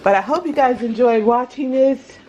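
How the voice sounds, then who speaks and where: In this casual cooking vlog, a woman with a slightly high voice chats at a normal pace to viewers from her home kitchen. The sound is lo-fi with slight background noise and loud music behind.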